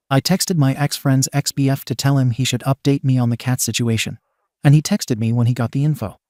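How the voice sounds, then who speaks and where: A man narrates a story in a steady, even reading voice. His tone is mellow and warm, and the recording is dry and close. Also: medium pitch, no room sound. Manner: steady reading that spells out abbreviations letter by letter. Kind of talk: scripted narration of an online post.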